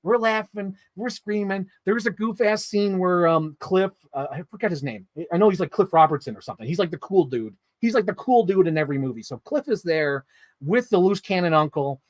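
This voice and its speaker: Excitable swearing man reviewing movies. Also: high voice, brisk, no room sound. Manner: animated, excitable, swears freely. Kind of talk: casual movie review storytelling.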